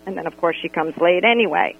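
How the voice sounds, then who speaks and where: A woman calling in to a radio show by phone, telling a story in an animated, exasperated way. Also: fairly low pitch, fast, gravelly, husky. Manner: animated, exasperated retelling with quoted dialogue. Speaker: radio caller. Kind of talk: call-in storytelling about a friend. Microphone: telephone. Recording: tinny phone line on radio.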